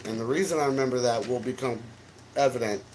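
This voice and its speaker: A man co-hosting a casual chat, telling a story with profane, teasing, loud outbursts. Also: medium pitch, fast talker, a little hiss or hum, low-quality recording. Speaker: co-host.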